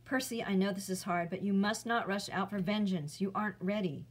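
A weary, wise old centaur teacher, as a woman reader puts him on. He speaks in a calm, measured, gently firm way, an old mentor in a storybook read-aloud. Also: mid-range voice, lightly acted.

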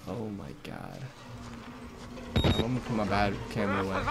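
A man hosting a horror game let's play, reacting out loud, swearing often and bursting into startled shouts. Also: lowish voice, fairly quick, vocal fry, faint music behind. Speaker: gaming channel host.

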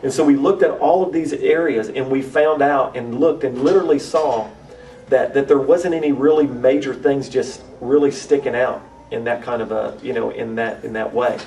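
A man's voice: mid-range voice, steady tone, normal speed, darkish tone, distant mic, rough recording. A man, a missionary to urban youth, earnestly telling a personal testimony at a church conference, often repeating and restarting phrases. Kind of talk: testimony storytelling.

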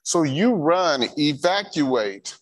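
Male church safety trainer, somewhat high voice, slow deliberate delivery, drives points home by repeating them. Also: expressive. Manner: emphatic, repeats key instructions. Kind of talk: training talk with a personal story.

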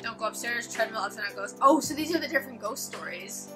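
A woman's voice: fairly high pitch, expressive, fast talker. A woman giving casual commentary while playing a game, thinking aloud as she browses its menus. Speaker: let's play host. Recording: game music playing underneath. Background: game music.

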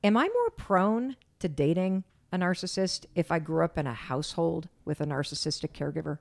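A woman's voice: on the low side, animated, fairly quick, vocal fry, no echo, clean studio sound. A woman hosting a podcast interview who asks probing, candid questions. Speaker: podcast host.

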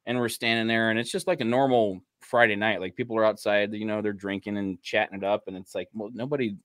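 A man's voice: lowish voice, steady tone, fast, fairly bright tone, dry recording. A man who works as a police officer, telling stories in a laid-back, casual chat full of "you know" fillers. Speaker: podcast host, police officer.

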